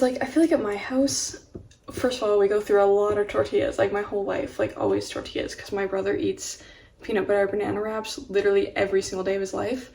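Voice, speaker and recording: A woman's voice: mid-range voice, a little mellow. A young woman vlogging casually at home, rambling with lots of "like" fillers. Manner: chatty, rambling, many "like" fillers. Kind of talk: casual home vlog chat. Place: at home, in a room with a mini fridge. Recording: distant home camera with faint fridge hum. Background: humming mini fridge.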